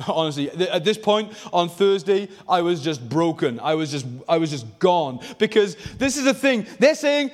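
A male preacher with a high voice delivers a fervent sermon in a church hall. He surges to near-shouted emphasis, then drops to hushed intensity, and the long reverb of a large room trails after every phrase. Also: sing-song, moderate pace, few pauses. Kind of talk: passionate sermon.

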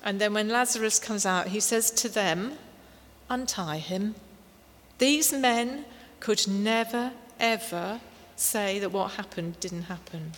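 A woman preaching a sermon, slow and emphatic, with warm storytelling asides. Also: medium pitch. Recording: long hall reverb, faint noise.

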